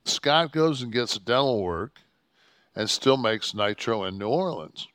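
A man spins a backstage story on a podcast, cursing often and circling back on his own sentences. His voice sits in a middle pitch. The sound is dry and close, with no room in it. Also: animated, a little slow, a bit bright, no room sound. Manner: profane, heated, rambling with restarts. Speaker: podcast co-host telling a wrestling story. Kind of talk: casual storytelling chat.

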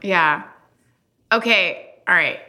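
A woman's voice: lowish voice, takes it slowly, pushed and bright. A woman co-hosting a casual rewatch podcast, chatty and giggly as she reads out fan questions. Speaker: podcast co-host.

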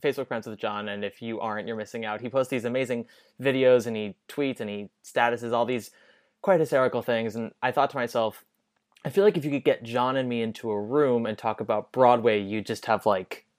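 A man's voice: mid-range voice, a little fast. A man co-hosting a podcast in casual banter, with wry, self-deprecating quips. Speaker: podcast co-host.

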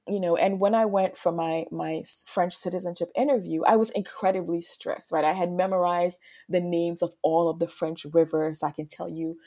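A woman's voice: lowish voice, steady tone, moderate pace, few pauses, mellow. A woman from Ghana, a French professor, talking reflectively as a guest in a podcast interview and often checking in with "right?". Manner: reflective, thinking aloud, frequent "right?".

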